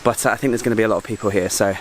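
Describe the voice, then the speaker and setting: A man filming a casual travel vlog outdoors, chatty and excitable, making joking asides to the camera while walking through a jungle park. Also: lowish voice, racing, a little hiss or hum. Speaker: travel vlogger.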